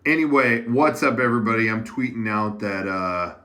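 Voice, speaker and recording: A man's voice: fairly low pitch, moderate pace, pushed and bright. A man hosting a casual livestream from an editing room, rambling and chatty to the viewers. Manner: rambling, chatty, with many fillers and restarts. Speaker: livestream host. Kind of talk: casual chat to a live chat.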